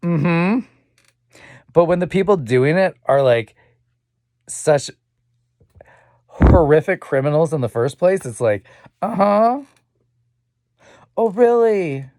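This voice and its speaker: A man's voice: on the high side, animated, measured pace, long pauses, darkish tone, no room sound, studio quality. Rambling, swearing young man. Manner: rambling, profane and repetitive; sighing, muttering asides. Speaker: vlogger. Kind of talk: rambling personal monologue.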